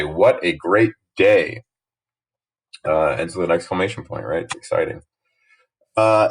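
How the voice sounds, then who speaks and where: A man's voice: low voice, low-quality recording. A young man teaching grammar from slides in a casual, explaining way, often checking in with "right?". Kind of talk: recorded slide lesson narration.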